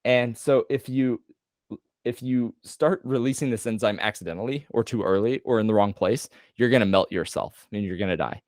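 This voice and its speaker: A man tutoring a student on a video call, explaining loosely with casual slang and quick self-corrections. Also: medium pitch, darkish tone, dry recording, clean studio sound. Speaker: medical tutor.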